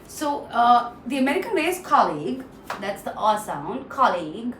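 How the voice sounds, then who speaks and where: A woman with an Indian English accent teaching English pronunciation in a casual lesson, repeating words slowly and mixing in Hindi phrases. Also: a little high, sing-song. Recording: echoey room, distant mic, faint noise.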